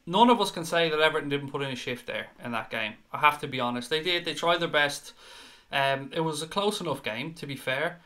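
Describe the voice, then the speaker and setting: A man's voice: on the high side, fairly quick, sharp tone. A man with an Irish accent hosting a live fan chat stream, reading out viewer comments in an earnest, chatty way and repeating words when he gets worked up. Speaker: fan show host.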